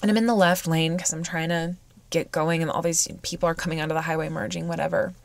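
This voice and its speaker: A woman hosting a podcast, telling a personal story in a halting, emotional way with many fillers and restarts, sounding weepy. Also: sits low, flat delivery, vocal fry, no echo. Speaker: podcast host.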